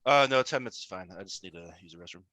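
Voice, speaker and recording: A man playing in a tabletop game, chatting in a playful way and often trailing off quietly. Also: fairly low pitch, expressive, very fast, no echo. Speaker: player. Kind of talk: casual game chat.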